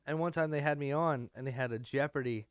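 A man's voice: medium pitch, moderate pace, no room sound, clean studio sound. A tired man co-hosting a podcast with a morning voice, rambling and trailing off in casual chat. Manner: rambling, self-deprecating, trails off. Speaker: podcast co-host. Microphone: studio microphone.

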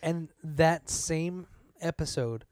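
A man's voice: a little high, slow, a little mellow, dry recording, studio quality. A young man telling a ranting story in casual chat, exasperated and swearing, acting out what others said. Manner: exasperated, swearing, acts out quotes.

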